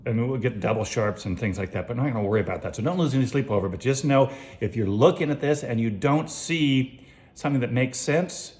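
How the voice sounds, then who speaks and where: A man's voice: mid-range voice, a little fast, a little mellow. A man giving a casual music lesson, explaining time signatures, counting beats aloud and singing short snippets. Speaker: music teacher.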